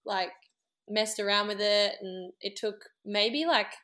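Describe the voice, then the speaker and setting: An Australian woman, a band member guest, chatting in a relaxed, giggly way. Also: mid-range voice, slow pace. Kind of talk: casual chat.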